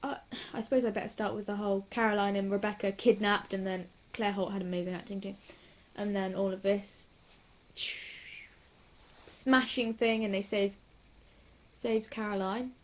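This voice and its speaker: A young woman chatting casually and excitedly about a TV episode, giggly and hyper, gushing and rambling from scene to scene. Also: medium pitch. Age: young adult. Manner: hyper, giggly and quick to gush. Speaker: TV reaction vlogger. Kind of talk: casual rambling reaction chat.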